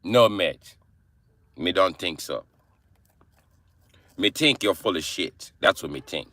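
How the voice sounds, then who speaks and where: A man's voice: low-pitched, expressive, slow pace, pushed and bright, no room sound, full character voice. A man voicing a brash, mocking Jamaican man with a put-on Jamaican accent, taunting and sing-song.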